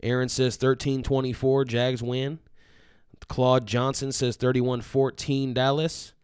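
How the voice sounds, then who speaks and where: A man's voice: mid-range voice, a little slow, clear, resonant tone, no echo, clean studio sound. A man co-hosting a live fan sports show, talking casually and reading out viewer comments. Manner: casual, steady, reads out comments.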